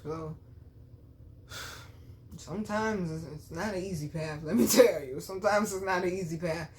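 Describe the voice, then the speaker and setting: A woman's voice: lowish voice, slight background noise. A young woman hosting her own channel, telling a personal story to camera in a blunt, profane way and speaking straight to her viewers. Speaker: channel host.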